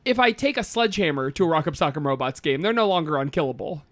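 Woman, comedy podcast host, very animated pitch, deadpan quips, dry close mic. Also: no echo. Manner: quick deadpan quips, running the segment. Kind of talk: casual comedic banter.

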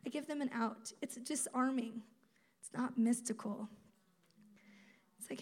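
High-voiced woman preaching conversationally. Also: unhurried, long pauses. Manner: conversational, animated with laughs and acted quotes. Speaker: speaker at a campus ministry conference. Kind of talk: sermon.

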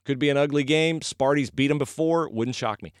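A man's voice: medium pitch, a little fast, clear, resonant tone, no room sound, studio quality. A man hosting a podcast, talking casually and emphatically in a folksy way, moving from sports to faith. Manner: animated, folksy, emphatic repetition. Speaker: podcast host.

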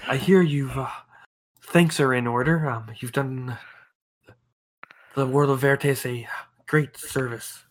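A man's voice: mid-range voice, fairly even intonation, slow pace, long pauses, lightly acted. A man voicing a polite, fretful human bishop who stammers courteously.

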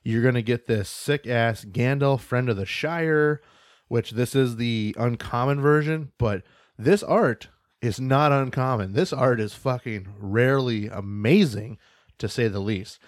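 A man's voice: mid-range voice, a little slow, no room sound, studio quality. A man co-hosting a casual podcast, reading out news and events with loose, joking asides and casual swearing. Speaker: podcast co-host.

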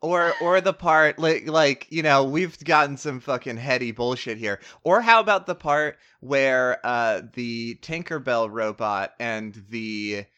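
A man's voice: medium pitch, a little slow, hardly any pauses, bright, forceful tone, clear, resonant tone, highs cut off. A man in casual chat about a movie, rambling with lots of fillers and the odd swear word.

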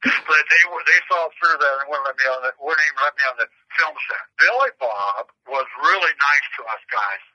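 A man's voice: medium pitch, bright, forceful tone. A man who is a prison inmate, rambling through stories and crude jokes, stumbling and repeating words over a phone call. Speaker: prison inmate taking questions. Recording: muffled lo-fi phone line.

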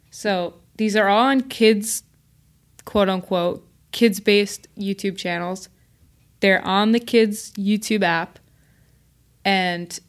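A woman co-hosting a podcast, chatting casually and explaining quickly with laughs. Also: mid-range voice. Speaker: podcast co-host.

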